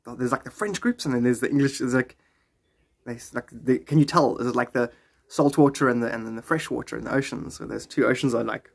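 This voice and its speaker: A man's voice: mid-range voice, brisk, gravelly. A man livestreaming, rambling casually and chatting with viewers in his chat. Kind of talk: casual live-stream chat.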